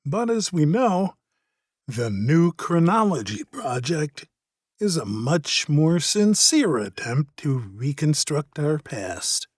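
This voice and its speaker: A man narrating an explanatory monologue in a measured, earnest way. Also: fairly high pitch, very animated, breathy edge, dry recording, clean studio sound.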